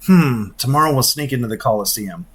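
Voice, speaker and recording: A young British sky pirate hero, played by a man in an everyday voice, calm and decisive. His voice rises and falls in a lively way as he plans the next move. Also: mid-range voice, brisk, husky. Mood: steady.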